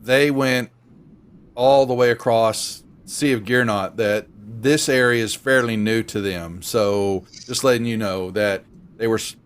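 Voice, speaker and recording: Man, game master, smooth resonant voice, rambling, lots of fillers. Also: on the low side. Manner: rambling, many fillers and restarts. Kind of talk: narrating a tabletop game.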